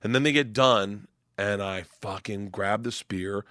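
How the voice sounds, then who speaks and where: A middle-aged man from Florida, a comedian guest telling animated, profane stories and acting out quotes loudly. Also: on the low side, a little slow, no echo, clean studio sound. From Tampa, Florida. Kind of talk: casual storytelling chat.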